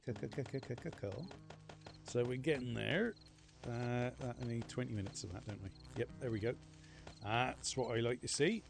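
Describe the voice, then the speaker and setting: A male game streamer rambles casually through his play, swearing freely. His voice is gravelly and creaky and his pitch moves in lively swings. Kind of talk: casual gameplay commentary.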